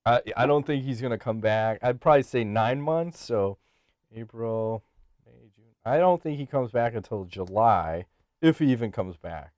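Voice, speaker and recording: A brash, foul-mouthed man co-hosting a podcast. He talks in a middling voice, fast and loose, cracking jokes and laughing often. The close mic is dry, with no room sound. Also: medium pitch, expressive, darkish tone, no echo. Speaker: podcast co-host. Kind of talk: casual chat.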